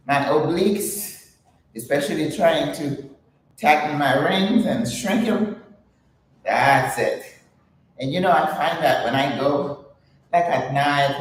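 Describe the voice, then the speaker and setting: An older woman hosting a casual vlog while exercising, chatting and laughing often, with breathy exertion sounds. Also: low-pitched, heavy reverb, far from the mic, a little hiss or hum, low-quality recording. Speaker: channel host.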